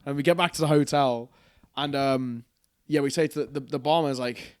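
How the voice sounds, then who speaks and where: With a clear, resonant, medium-pitched voice at a moderate pace, a young co-host on a laid-back podcast spins a meandering, lively tale, cursing freely and laughing. It's recorded dry with clean studio sound.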